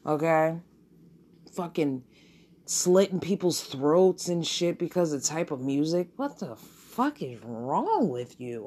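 A woman hosting her own podcast, delivering a blunt, profane, animated solo rant. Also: sits low, moderate pace, a little hiss or hum. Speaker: podcast host.

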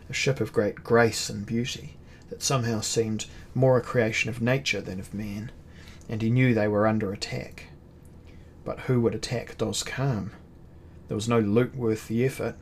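Low-voiced male audiobook narrator. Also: slight background noise. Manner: measured, dramatic storytelling.

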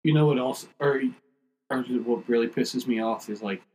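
A man's voice: medium pitch, moderate pace, rough recording. A man in casual podcast chat, telling rambling, profane stories and acting out other people's lines. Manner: rambling, profane storytelling with animated quoted outbursts.

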